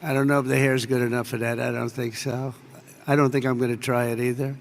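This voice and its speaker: A man's voice: medium pitch, little pitch movement, fast. An older man giving an off-the-cuff speech full of rambling, digressive anecdotes and repeated superlatives. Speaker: public speaker. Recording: echoey large hall.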